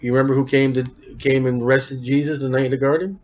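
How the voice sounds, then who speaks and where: A man's voice: medium pitch, little pitch movement, fast, a little mellow. A man preaching a sermon in a folksy, emphatic way, quizzing his congregation and reading scripture aloud. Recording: dull lo-fi sound.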